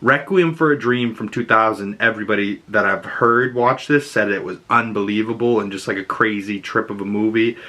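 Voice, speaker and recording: A man giving a casual, animated movie review, chatty with lots of fillers and swearing. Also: fairly low pitch, normal speed, hardly any pauses.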